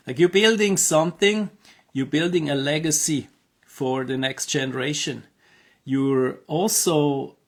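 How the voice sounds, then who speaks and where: A man coaching on health, talking to camera in a casual, earnest promotional monologue, hesitant with many fillers and restarts. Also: medium pitch. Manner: earnest, encouraging.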